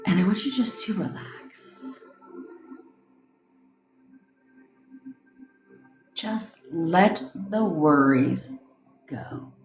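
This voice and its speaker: Woman talking someone thru a meditation, slow and soft, lowish voice, echoey room. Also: expressive, soft background music. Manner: slow, soothing, hushed. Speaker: manifestation coach. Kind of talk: guided meditation.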